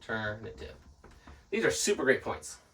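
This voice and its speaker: A man hosting a business podcast, giving casual tips and acting out quick customer exchanges while writing points on a board. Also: mid-range voice, big pitch swings, fairly bright tone, far from the mic. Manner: writes on a board while talking. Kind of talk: casual instructional talk.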